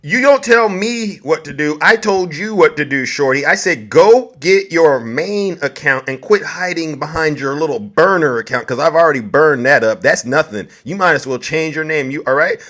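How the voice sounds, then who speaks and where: A man hosting a political livestream, loudly taunting and mocking his viewers. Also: fairly high pitch, lively intonation, moderate pace, hardly any pauses. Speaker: livestream host.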